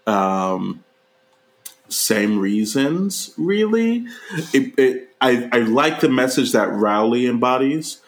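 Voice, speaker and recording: A man co-hosting a casual, profane movie review chat, leaping into high mocking voices when he retells scenes. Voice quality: animated, jumps into high mocking voices for quoted characters. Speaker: podcast co-host reviewing a movie. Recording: roomy echo.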